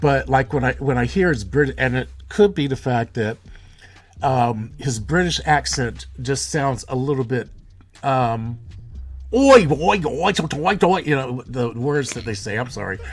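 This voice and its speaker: A man's voice: mid-range voice, unhurried. A man co-hosting a casual live stream about movies, rambling and restarting his sentences. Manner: rambling, restarts often, laughs at himself. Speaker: co-host.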